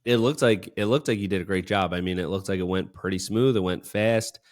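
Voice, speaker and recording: A man's voice: low-pitched, fairly quick. A man co-hosting a casual business podcast, talking in an enthusiastic, praising, rambling way. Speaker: podcast co-host. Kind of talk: casual chat.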